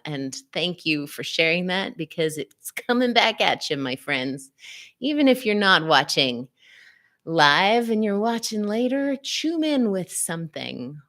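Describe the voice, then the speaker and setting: Expressive woman hosting a live wellness talk. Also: fairly low pitch. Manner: greets viewers and reads their comments aloud; expressive, swinging between soft and emphatic. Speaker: host, physical therapist and psychotherapist.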